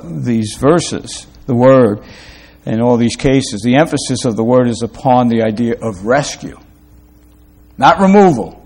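A man's voice: mid-range voice, darkish tone. Man preaching an emphatic sermon. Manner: preaching with rising emphatic peaks and rhetorical questions; quick asides between slow, stressed phrases. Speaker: pastor.

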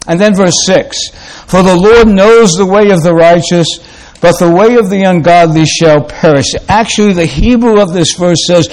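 A man preaching a sermon, slow and deliberate, repeating key phrases for emphasis. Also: high voice, darkish tone.

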